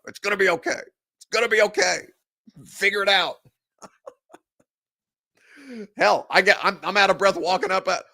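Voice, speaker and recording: A man's voice: medium pitch, fairly bright tone. A man hosting a sports talk show, speaking bluntly and opinionatedly straight to his viewers. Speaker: sports podcast host. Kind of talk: live-streamed sports talk commentary.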